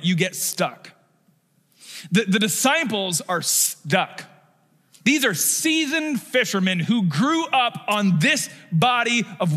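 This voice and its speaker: High bright-voiced pastor preaching in a hall. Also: male voice. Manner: conversational, animated preaching with fillers and rising emphasis. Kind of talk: sermon. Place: church sanctuary stage. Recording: long hall reverb.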